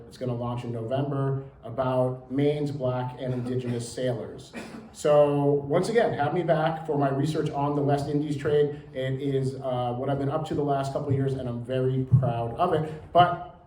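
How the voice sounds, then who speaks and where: A man's voice: mid-range voice, dark tone, slight background noise. A man who directs a museum, giving a public history lecture in a chatty, joking way and talking with the audience. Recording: roomy hall with faint ambience.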